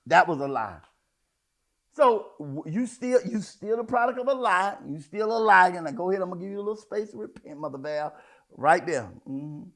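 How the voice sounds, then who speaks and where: A man preaching a sermon in a folksy, conversational way, swinging between hushed asides and loud outbursts. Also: high-pitched, lively intonation, moderate pace. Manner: folksy, addresses congregation as y'all, child, honey. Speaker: apostle preaching.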